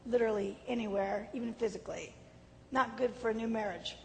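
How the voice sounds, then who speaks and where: A woman giving an animated personal testimony, acting out quoted voices, swinging from lively to low and subdued. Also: brisk, gravelly. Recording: hall reverb with faint background noise.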